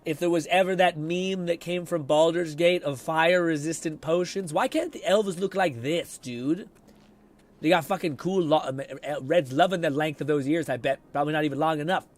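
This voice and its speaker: A hoarse man casually commenting on a game as he streams it, rambling, swearing freely and reading chat messages aloud. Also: fairly high pitch, moderate pace.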